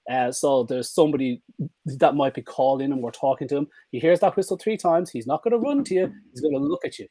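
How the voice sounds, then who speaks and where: A man, a vet giving a live-stream talk on dog training, lively and demonstrative, now and then jumping into a squeaky high voice for an excited dog. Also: dry recording.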